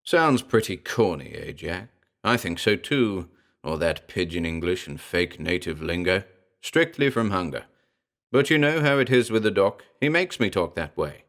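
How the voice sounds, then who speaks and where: A man's voice: low voice, very animated, normal speed, fairly bright tone, exaggerated voice. A man voicing a huge talking gorilla who growls his words but speaks with wry, slangy street talk in a horror storybook reading. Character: educated talking gorilla, huge, gruff, wisecracking.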